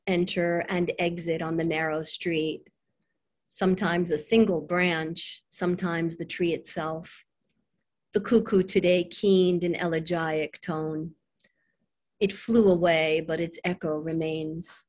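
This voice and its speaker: A middle-aged woman, reading her own poems on a video call, slow and quiet on the lines. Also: fairly even intonation. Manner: slow, soft reading voice that drops low on the lines. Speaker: poet reading her work. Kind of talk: poetry reading with chat between poems.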